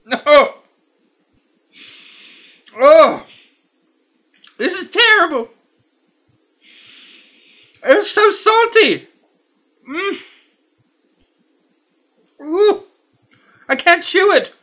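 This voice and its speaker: A fussy, squeamish man reviewing candy, as an actor puts him on in a comedy sketch. He talks slowly and over-formally, his pitch swinging all over the place. His voice is bright and a little shrill. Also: big pitch swings, full character voice. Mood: disgusted. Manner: slow, overly formal, wildly swinging delivery. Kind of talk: comedic character review to camera.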